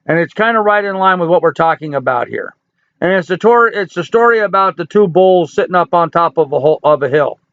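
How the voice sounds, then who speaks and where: A man in his sixties chats through a livestream in a folksy, joking way, answering viewers as he goes. His voice sits a little high for a man. The sound is dry and close, with a slightly dull, lo-fi quality. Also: expressive, a little fast, a bit bright, no room sound. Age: 60s. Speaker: livestream host. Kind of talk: casual live chat reading viewer comments.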